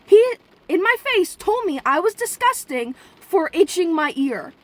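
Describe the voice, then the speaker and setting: A young woman with a high voice tells a story in a casual vlog. She speaks straight to her viewers, rambling and chatty. Now and then she breaks into sudden profane outbursts. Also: very animated, unhurried, fairly bright tone. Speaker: vlogger.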